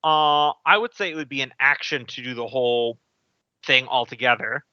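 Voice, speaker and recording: Male GM, relaxed rules explainer, crisp forward tone, dry lo-fi mic. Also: medium pitch, normal speed, no room sound. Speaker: game master. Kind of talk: running a tabletop game. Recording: dull, dry mic sound.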